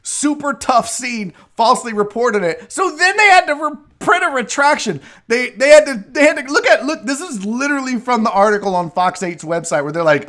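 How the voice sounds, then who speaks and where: This sports radio host keeps his live show casual and playful, reading viewer chat aloud in a voice that runs high for a man. Expressive and quick with asides, he now and then puts on a mock Southern gentleman drawl to get a laugh.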